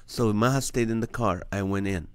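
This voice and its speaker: A man's voice: on the low side, normal speed, clean tone. A man hosting his own live show, telling a personal story with earnest energy and acting out the dialogue. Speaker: comedian hosting a nightly live stream. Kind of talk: storytelling testimony to a live audience.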